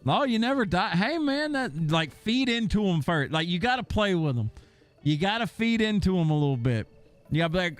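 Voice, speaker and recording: A young man streaming and chatting with viewers, telling stories in a profane, animated way and slipping into mocking impressions. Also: fairly high pitch, normal speed, soft background music. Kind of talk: casual chat with stream viewers.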